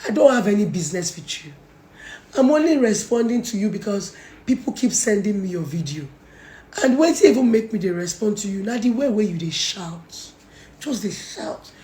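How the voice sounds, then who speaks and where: A woman's voice: mid-range voice, animated, normal speed, warm tone, echoey room. A young woman with a Nigerian accent, mocking and scolding someone in a confrontational call-out video. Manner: mocking, scolding, Pidgin-heavy. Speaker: social media personality.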